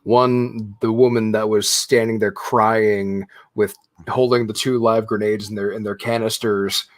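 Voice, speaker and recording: A man's voice: lowish voice, flat delivery, unhurried, dry recording. A young man co-hosting a podcast, telling stories in a laid-back, casual way. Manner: laid-back storytelling with frequent laughs. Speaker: podcast co-host. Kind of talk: casual chat.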